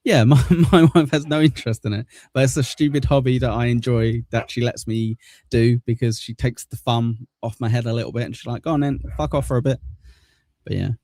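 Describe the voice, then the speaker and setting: A man's voice: medium pitch, steady tone, brisk, a little mellow, no room sound. A man from southern England with an accent close to Cockney, hosting a livestream and chatting casually through viewer comments in a rambling, laid-back way with casual swearing. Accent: southern English, near Cockney. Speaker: livestream host.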